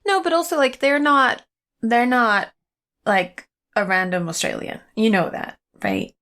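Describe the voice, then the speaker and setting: A woman's voice: a little high, sing-song, unhurried, fairly bright tone. Woman podcast co-host, chatty, thinks aloud, video call. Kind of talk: casual chat.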